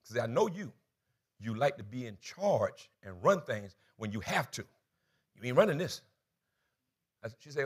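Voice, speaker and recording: A man's voice: mid-range voice, expressive, brisk, a bit bright, breathy edge. A man preaching a sermon as pastor, telling a comic story and acting out the dialogue with energy.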